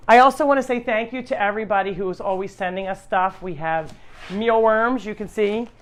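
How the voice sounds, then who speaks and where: Woman running a farm sanctuary live, rambly and chatty, restarts a lot, middle pitch. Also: a little fast. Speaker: animal sanctuary host. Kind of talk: casual live-stream chat.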